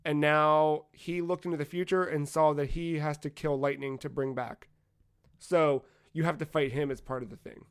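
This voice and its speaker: A man with a fairly high voice chats on a gaming podcast. He tells stories in an animated way and acts out the characters' lines. He swears casually. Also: moderate pace, clear, resonant tone. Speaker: podcast co-host.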